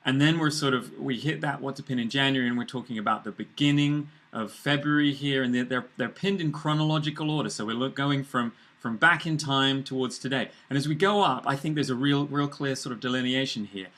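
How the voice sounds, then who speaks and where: A British man co-hosting a live marketing video chat. His voice is bright and forward. He jokes a lot and rambles through his points, with plenty of ums and restarts. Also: mid-range voice, brisk, hardly any pauses. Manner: joking, rambling with many fillers. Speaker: co-host.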